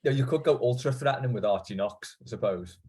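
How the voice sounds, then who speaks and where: A man hosting a casual podcast, relaxed and chatty, reading out listener questions. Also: medium pitch, fast. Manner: relaxed, chatty, uses filler "uh". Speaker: podcast host.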